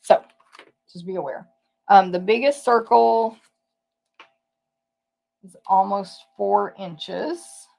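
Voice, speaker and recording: Her medium-pitched voice is dark and creaky, moving slowly with frequent pauses. She's a papercraft demonstrator giving a chatty, casual live tour of products, thinking aloud and correcting herself as she goes.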